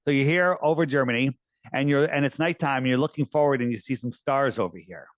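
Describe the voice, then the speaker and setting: A man in a casual interview who talks in an animated, persuasive way and often restarts his sentences. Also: medium pitch, a little fast, dry recording. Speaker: interviewee, flat-earth promoter.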